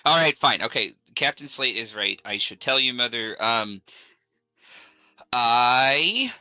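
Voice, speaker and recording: Very bright-voiced man playing a tabletop game. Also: mid-range voice, slow pace, no echo, low-quality recording. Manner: animated, playful, jokes and laughs. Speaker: player.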